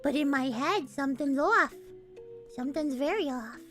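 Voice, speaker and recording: Brief: woman streamer and voice actress, high lively voice, laughing self-mocking asides, live game translation. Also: normal speed, faint music behind.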